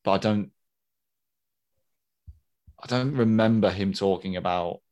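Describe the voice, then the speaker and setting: Hesitant low-voiced podcast co-host. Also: male voice, measured pace, a little mellow, muffled recording. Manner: rambling, hesitant, many ums. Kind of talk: casual chat.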